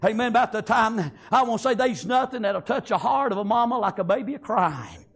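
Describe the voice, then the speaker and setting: A man's voice: high-pitched, expressive, a little fast, a bit bright, slightly rough. A man preaching a fervent sermon, peppering it with amens and praise God.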